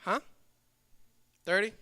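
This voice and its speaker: A young man preaching a sermon to a church audience, talking in a lively, joking way and teasing his listeners. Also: slow pace. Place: church hall with live audience.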